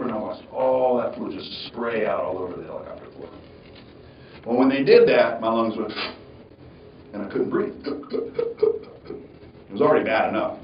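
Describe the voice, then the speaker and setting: Guy giving a graduation speech, storytelling style, gravelly voice, pitch jumps all over, sounds far off and dull in a big echoey hall. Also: slight background noise. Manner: animated, conversational, mimics the voices of others. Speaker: commencement speaker. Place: large hall at a graduation ceremony.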